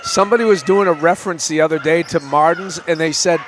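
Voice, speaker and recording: Man, coach on color commentary, slightly high voice, wry, faint gym noise. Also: fast talker, fairly bright tone. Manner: wry, self-deprecating, laughs easily. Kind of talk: basketball game commentary with banter.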